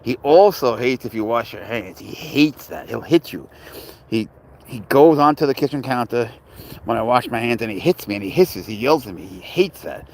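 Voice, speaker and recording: A man's voice: mid-range voice, animated, moderate pace, a little hiss or hum. Chatty man streaming with his cat. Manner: rambling, jokey, greets viewers by name, drifts quieter. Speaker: livestream host and serval cat owner. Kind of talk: casual livestream chat reading viewer comments. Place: home, indoors.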